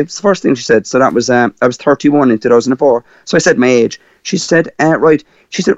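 Irish man, cork accent, animated storyteller, lots of ums, dry and slightly muffled sound. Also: mid-range voice, brisk, no echo. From Ireland. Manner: animated, laughing storyteller with many fillers. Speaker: guest. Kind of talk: personal storytelling.

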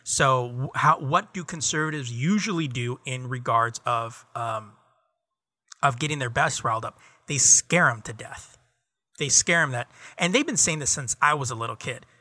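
A man's voice: medium pitch, normal speed, bright, forceful tone, no room sound, clean studio sound. A middle-aged man co-hosting a podcast, ranting in casual chat with lots of profanity and a stream of fillers. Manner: rambling, profane, heated ranting with many fillers. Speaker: podcast co-host.

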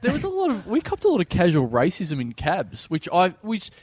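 An Australian man, a comedian and podcast host, telling long, rambling anecdotes in casual chat and slipping into animated impressions. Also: sits high, fairly quick, husky, no echo.

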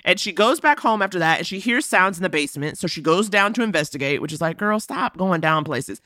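Woman co-host, animated recap chatter, very lively pitch, bright and dry. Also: fast, dry recording. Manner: animated, laughing, acts out characters' lines. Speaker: podcast host. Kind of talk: casual movie recap chat.

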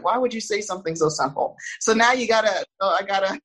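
A woman in casual conversation, speaking thoughtfully with a soft, soothing voice and frequent restarts. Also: a little high, lively intonation, moderate pace, husky, low-quality recording.

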